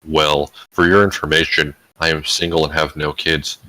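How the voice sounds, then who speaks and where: Smooth flirty tiger man, as a man reads him aloud. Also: very deep voice, level tone, moderate pace, bright, forceful tone, dry recording, rough recording. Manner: casual read-aloud, barely changes his voice.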